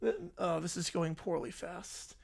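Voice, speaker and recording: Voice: medium pitch, fairly even intonation, measured pace, vocal fry, darkish tone. A streamer reading a fan story aloud, breaking off with incredulous, laughing reactions and putting on voices for the quotes.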